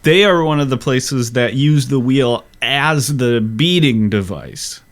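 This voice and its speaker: A man co-hosting a casual history podcast, explaining things in a slow, deliberate way. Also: mid-range voice, expressive. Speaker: podcast co-host.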